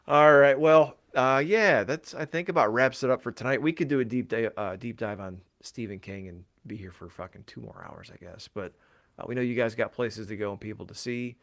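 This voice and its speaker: A man co-hosts a casual podcast in a brisk, mid-range, fairly bright voice that is tired from talking all day. He rambles and swears freely, with plenty of fillers.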